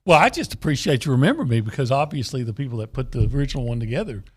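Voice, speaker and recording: Husky, lively-pitched radio co-host man. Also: rapid-fire. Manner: dry, wry teasing. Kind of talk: casual sports radio chat. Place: radio studio.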